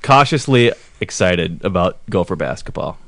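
Man, Minnesotan accent, low voice, dry close mic, casual joking podcast chat. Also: lively intonation, moderate pace, a bit bright, no echo. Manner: joking, puts on silly voices and impressions. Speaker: podcast co-host.

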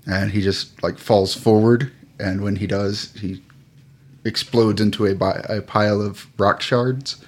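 A man narrating as game master of a tabletop game, relaxed and hesitant with many fillers. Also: fairly low pitch, a little slow.

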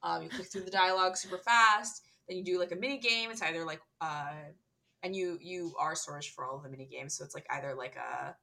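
A woman's voice: lowish voice, brisk, vocal fry, pushed and bright. A woman co-hosting a casual podcast, describing a game event in a rambling way full of "like" and "um". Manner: rambling, heavy use of "like" and "um". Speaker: podcast co-host. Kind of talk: casual podcast chat about a video game.

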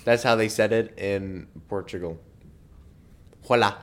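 A man co-hosting a casual podcast chat, goofing around with deadpan trolling jokes. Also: sits low, normal speed. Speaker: podcast co-host.

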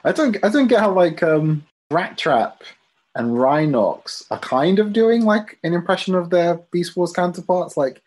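A man in casual conversation, easygoing and quick to laugh, explaining his view at length. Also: sits high, lively intonation, darkish tone. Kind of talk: casual chat.

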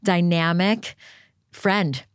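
A woman's voice: on the low side, very slow, smooth, no echo, clean studio sound. A woman guest on a podcast, retelling a story vividly with many "you know" fillers.

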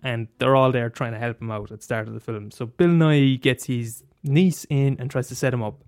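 A man's voice: mid-range voice, steady tone, brisk, a little mellow, smooth. A man talking casually about a favourite film, rambling and restarting, swearing and laughing as he goes. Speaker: film commentator. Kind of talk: casual monologue.

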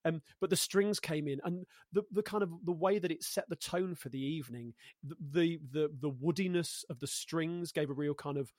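Here the Coventry man, in his thirties, talks at normal speed with few pauses, his fairly high voice a little mellow on a dry, clean studio recording. As an interview guest in relaxed conversation, he's thoughtful, hunts for the right words, and pokes fun at himself.

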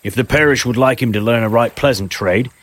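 A man voicing a rough, blunt rustic tradesman who talks in coarse, broken grammar during a storybook reading. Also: medium pitch, fairly quick, pitched above the performer's own voice, lightly acted. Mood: eager. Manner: coarse, eager, dropped grammar.

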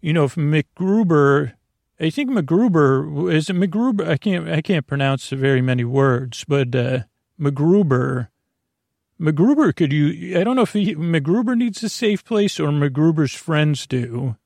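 Creaky-voiced man rambling softly. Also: on the high side, expressive, dry recording, studio quality. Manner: meandering, self-interrupting, drawn-out words. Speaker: host. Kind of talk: rambling bedtime podcast monologue.

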